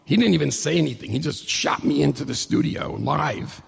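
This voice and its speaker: Gravelly husky middle-aged man telling a story. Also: on the high side, fairly quick. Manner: conversational, humorous, animated retelling. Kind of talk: personal storytelling to an audience. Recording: long hall reverb.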